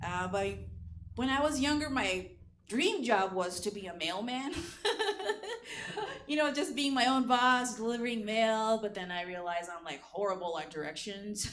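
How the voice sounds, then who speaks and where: A woman's voice: medium pitch, moderate pace, fairly bright tone, a little hiss or hum. A woman hosting a comedy show and doing a stand-up set, chatty and laughing at her own jokes, with many filler words. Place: comedy stage in an echoey room. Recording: echoey live room recording.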